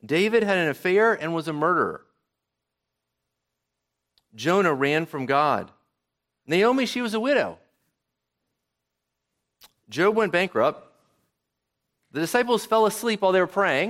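A man's voice: sits high, sing-song, moderate pace, long pauses, a bit bright. A man preaching a sermon in church, asking his congregation a run of rhetorical questions. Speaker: pastor.

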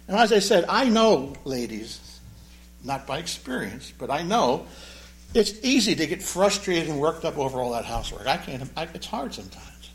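A man's voice: fairly high pitch, normal speed. A man preaching a sermon with a joking, storytelling delivery and asides on the original Greek. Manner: animated, joking storyteller who explains the Greek. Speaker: pastor.

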